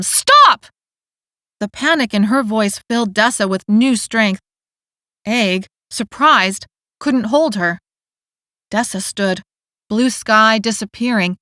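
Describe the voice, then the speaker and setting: A woman's voice: on the high side, pushed and bright, no echo, studio quality. Emotive woman audiobook narrator.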